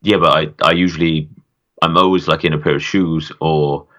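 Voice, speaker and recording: A man with a deep voice and a bright, pushy edge banters on a podcast. He jumps in to tease his partner and set the record straight. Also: steady tone. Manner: bantering, quick to tease and push back. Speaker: podcast co-host. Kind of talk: casual podcast chat.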